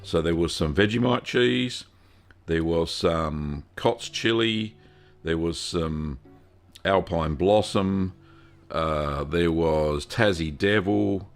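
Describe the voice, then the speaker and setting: Slow, gravelly Australian man. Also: low voice. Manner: folksy, greets viewers by name with frequent fillers. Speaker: host of a cheese-making livestream. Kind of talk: casual live-stream Q&A.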